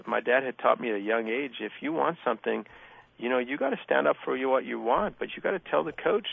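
A man's voice: mid-range voice, quick pace, creaky, breathy edge. A middle-aged former athlete, a guest telling stories in a casual interview and acting out the exchanges he quotes. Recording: dry, phone-like narrow sound.

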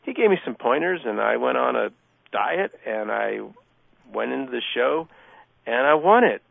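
Gravelly middle-aged man on a phone line. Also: mid-range voice, moderate pace, no room sound. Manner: animated storyteller acting out quoted exchanges. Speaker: guest, former athlete. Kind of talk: casual interview storytelling. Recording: dry, phone-like narrow sound.

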